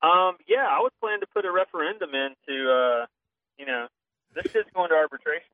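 A man with a Southern drawl talks in a blunt, joking podcast chat and swears now and then. His voice sits a bit high. The sound is thin and phone-like, dry and close. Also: expressive, brisk, dry recording. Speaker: podcast co-host. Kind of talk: casual chat. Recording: tinny phone-like line.

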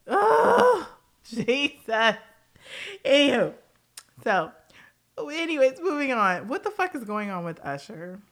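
A woman's voice: on the high side, fairly bright tone. A woman hosting a casual pop-culture commentary show, blunt and profane, laughing often and jumping between tangents.

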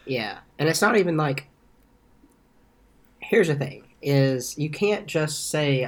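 A man's voice: on the high side, lively intonation, takes it slowly, pauses often. A man co-hosting a casual podcast with a congested, stuffed-up nose, talking in a laid-back way. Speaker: podcast co-host.

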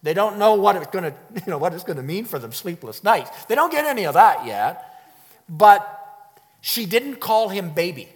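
An emphatic male preacher delivering a sermon, hammering his key phrases through repetition. His voice sits slightly high for a man. Long reverb trails off his words, as in a church sanctuary. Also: very animated, normal speed.

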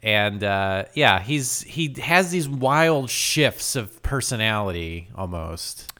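A man chatting casually as co-host of a film review show. His pitch swings widely as he talks, and his tone is bright and forward. He jokes and breaks into loud impressions. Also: lively intonation, slow. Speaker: podcast co-host.

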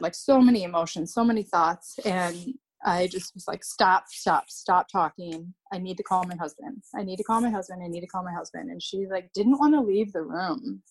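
A young woman, a podcast guest, recounting a painful personal story in a halting way, often repeating herself and restarting sentences. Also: medium pitch.

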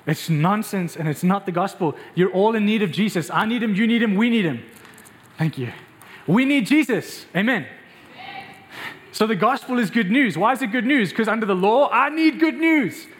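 High-voiced impassioned preaching man. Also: animated, moderate pace. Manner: addresses the congregation directly. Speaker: pastor. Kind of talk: sermon. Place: church before a congregation.

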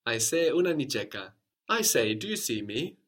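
A man's voice: mid-range voice, very animated, normal speed, a bit bright. A man teaching a language lesson, patiently explaining step by step and modeling phrases for a learner to repeat.

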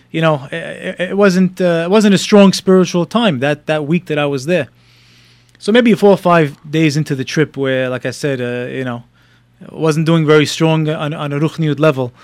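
A middle-aged man telling a story in casual talk, halting with many fillers and restarts and getting animated at the exciting parts. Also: fairly high pitch, no echo.

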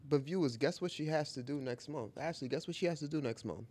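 Animated casual man co-hosting. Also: on the high side, fast talker. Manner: animated, exclaims and repeats himself. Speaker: podcast co-host. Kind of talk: casual chat.

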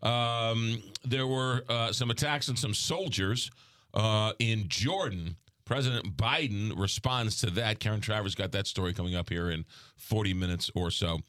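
A man's voice: lowish voice, fairly bright tone, smooth, no echo, studio quality. A man with a New York accent hosting a morning radio show, chatting casually with frequent ums and uhs. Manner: halting, lots of ums and uhs. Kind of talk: casual on-air chat.

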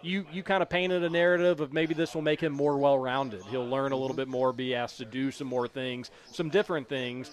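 A man's voice: medium pitch, fairly even intonation, brisk, few pauses. A man gives casual football analysis on the radio. He is self-deprecating and sometimes trips over his words. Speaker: sports radio co-host. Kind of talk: casual sports talk radio.

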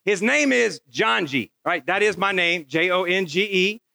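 A man's voice: high-pitched, animated, measured pace, creaky, sharp tone, no echo, low-quality recording. A middle-aged man preaching a sermon, telling a personal story in a folksy way and acting out the dialogue. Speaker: pastor.

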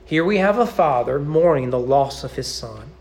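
Animated male preacher with a lively voice. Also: mid-range voice, vocal fry. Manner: expressive preaching, slowing and stressing key words. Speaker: pastor. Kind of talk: sermon. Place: church sanctuary.

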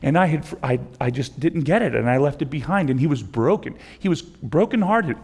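A man's voice: fairly high pitch, animated, brisk, a little mellow, breathy edge. A middle-aged man preaching a sermon as pastor, conversational and repetitive, building to impassioned pleas. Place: church sanctuary. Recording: long hall reverb.

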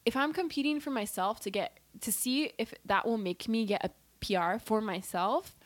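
A woman's voice: a little high, moderate pace, no room sound. A woman chatting casually as a podcast guest, laid-back and full of "like" and laughs. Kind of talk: casual chat.

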